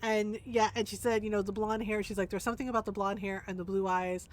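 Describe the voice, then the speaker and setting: A woman's voice: mid-range voice, flat delivery, fast talker. A young adult woman streaming a video game, chatting casually, teasing and laughing often. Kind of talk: casual gameplay commentary.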